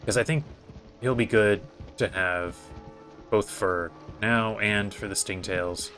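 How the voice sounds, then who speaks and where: Low-voiced guy narrating his game run, kinda hesitant, lots of ums, bright edgy tone, faint music behind. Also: slow. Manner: thinking aloud, hesitant, many fillers. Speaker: gaming video host. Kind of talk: casual gameplay commentary.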